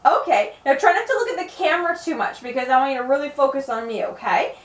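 A woman's voice: high-pitched, lively intonation, fast. A woman giving a patient, encouraging one-on-one singing lesson to a child, demonstrating vocal sounds as she goes. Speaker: singing teacher. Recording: echoey room, distant mic.

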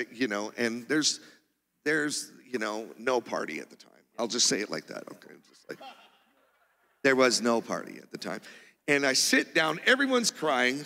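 A man preaching, telling a testimony story in an animated way with loud bursts of exclamation. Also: mid-range voice, vocal fry. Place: church sanctuary. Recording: reverberant church hall.

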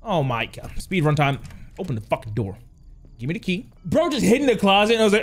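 A man's voice: a little high, very animated, quick pace, faint music behind. A young man playing a horror game, jumpy and swearing as he talks to his chat. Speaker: gaming youtuber. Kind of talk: horror game let's play commentary.

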